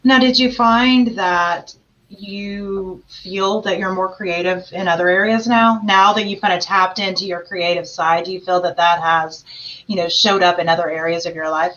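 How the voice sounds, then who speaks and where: A woman's voice: fairly low pitch, fairly even intonation, moderate pace, a bit bright. A woman hosting a podcast interview, chatting casually and asking open follow-up questions. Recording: dull lo-fi recording.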